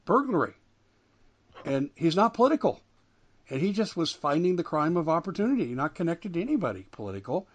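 A man's voice: mid-range voice, a bit bright. Man, talk radio host, emphatic, indignant delivery. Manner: emphatic, rising and falling with indignation.

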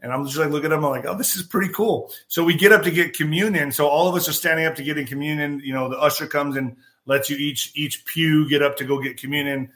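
A man hosting a podcast, telling a casual story in an animated way, acting out the quotes and swearing freely. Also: a little high, quick pace, hardly any pauses. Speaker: podcast host.

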